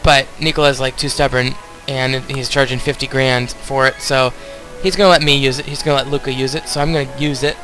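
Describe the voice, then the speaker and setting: A man's voice: mid-range voice, fairly even intonation, brisk, few pauses, sharp tone, soft background music, low-quality recording. A young man casually commenting on a video game as he plays, rambling and talking straight to his viewers. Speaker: let's play host.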